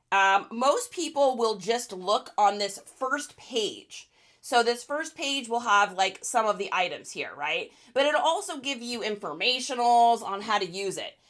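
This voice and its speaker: Bright, chatty woman streaming host. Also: a little high. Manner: quick, chatty, laughs often. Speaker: reseller livestream host. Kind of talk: casual livestream chat with viewer questions.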